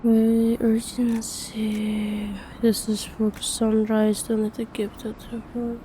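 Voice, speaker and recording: A woman recovering from a bad cold, giving slow let's-play commentary and mumbling to herself as she plays. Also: a little high, completely flat delivery, mellow, a little hiss or hum. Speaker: gamer.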